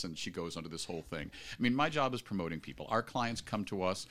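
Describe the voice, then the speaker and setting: A man's voice: sits low, lively intonation, fast talker, few pauses, a bit bright. A man from Virginia talking as a radio guest, enthusiastically promoting his PR agency. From Virginia, USA. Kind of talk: casual radio interview.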